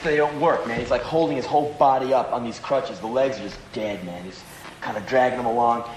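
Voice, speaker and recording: A male stand-up comedian telling a long, profane, rambling story in an animated way to a live audience. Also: medium pitch, roomy sound, a little hiss or hum, poor audio.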